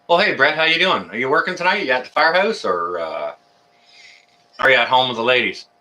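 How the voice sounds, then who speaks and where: A man's voice: medium pitch, big pitch swings, a little fast, pushed and bright. A man hosting a casual live stream, greeting viewers by name and chatting in a rambling way full of fillers. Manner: rambling, filler-heavy, friendly banter. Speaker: livestream host. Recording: voice a bit far from the mic.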